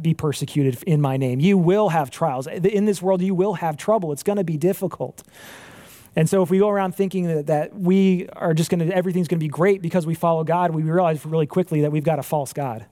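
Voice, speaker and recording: A man preaching in a relaxed, talky way, checking in with listeners and correcting himself mid-sentence. His voice sits a little high for a man. The sound is close and dry, with no room around it. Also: dry recording. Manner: conversational, frequent "right?" and "like", self-correcting restarts. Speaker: pastor. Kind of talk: casual sermon.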